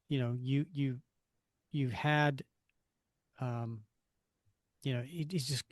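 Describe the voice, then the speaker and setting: A man co-hosts a casual podcast and walks through a comic book story at an unhurried pace. His voice sits close and dry, with no room sound around it. He drops his voice low when he quotes the characters. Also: a little mellow, dry recording. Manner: retells the story with quoted lines in a lowered voice. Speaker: podcast co-host.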